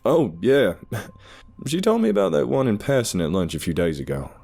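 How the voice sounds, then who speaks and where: A man's voice: medium pitch, very animated, normal speed, creaky, warm tone, voice pushed up. A man voicing an awkward, anxious young man who turns pleading and urgent. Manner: hesitant, then raised and urgent.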